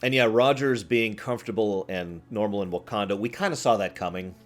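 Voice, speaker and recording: A man streaming, chatting casually with his viewers in a rambling, animated way, often laughing and acting out scenes. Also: lowish voice, a little fast, faint music behind. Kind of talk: casual chat with live chat.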